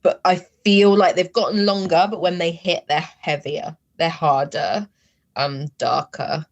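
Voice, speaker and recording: A woman speaking candidly as an interview guest, halting and emotional, with many fillers. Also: on the low side, fairly even intonation, lo-fi sound. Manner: emotional, halting, heavy use of "like".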